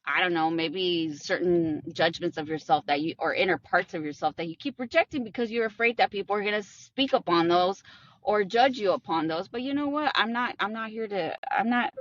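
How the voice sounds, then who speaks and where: A woman's voice: mid-range voice, recorded from a distance, highs cut off. A young adult woman hosting a podcast, talking bluntly in a casual monologue, swearing often and repeating herself for emphasis. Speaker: podcast host.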